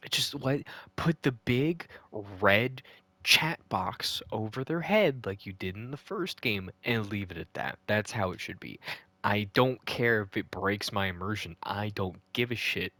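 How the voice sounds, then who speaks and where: This gaming video host recaps a video game casually, ranting, swearing and sounding exasperated. His voice is on the low side with lively intonation, a sharp tone and a slightly slow delivery. There is no echo.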